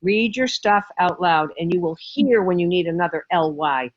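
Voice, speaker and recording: A woman speaks in a low, dry voice as an interview guest teaching writing. She is emphatic and slips into little acted-out stories. The recording sounds a bit dull and lo-fi. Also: animated, moderate pace, no echo. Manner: emphatic, acts out stories in character. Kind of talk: animated interview talk.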